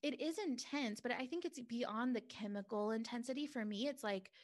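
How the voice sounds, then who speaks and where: A woman's voice: on the high side, moderate pace. A woman guest talking openly and reflectively in an interview, in loose run-on phrases. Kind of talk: candid interview conversation.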